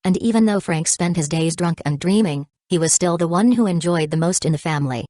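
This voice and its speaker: A woman narrating an audiobook in a steady, even reading. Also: fairly low pitch, fairly quick, no echo, studio quality. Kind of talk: scripted narration.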